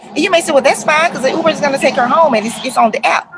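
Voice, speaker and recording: Animated woman telling stories. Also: high voice, very fast, background noise. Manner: animated retelling, acts out voices, addresses viewers as y'all. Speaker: counselor and life coach speaking to parents. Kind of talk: casual talk to camera, storytelling.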